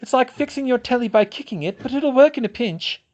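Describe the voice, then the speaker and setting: A man's voice: very high voice, animated, measured pace, lo-fi sound, pitched above the performer's own voice. A man voicing a clever young witch who gives urgent commands. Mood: tense. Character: brisk clever young witch, sharp-tongued under pressure.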